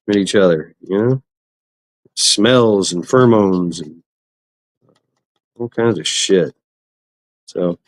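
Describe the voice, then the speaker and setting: A man's voice: low-pitched, takes it slowly, pauses often, dry recording. A man hosting a casual livestream, rambling and swearing as he greets chat viewers. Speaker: livestream host. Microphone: computer mic for online stream.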